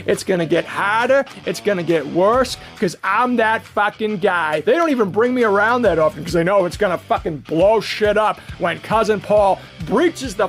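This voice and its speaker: A man cutting a trash-talk wrestling promo, profane and mocking, breaking into shouts. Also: high-pitched.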